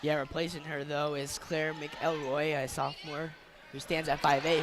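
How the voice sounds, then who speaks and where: A man giving relaxed color commentary at a high school basketball game, agreeing with his partner and adding short exclamations. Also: normal speed. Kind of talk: casual game analysis. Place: high school gym, courtside. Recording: noisy gym broadcast feed.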